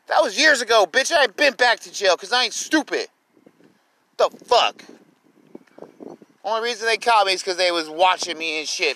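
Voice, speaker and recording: Furious high-voiced man ranting. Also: animated, a little slow, long pauses, no room sound, rough recording. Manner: furious, profane, repetitive shouting. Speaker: livestreamer. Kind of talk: angry livestream rant. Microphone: phone.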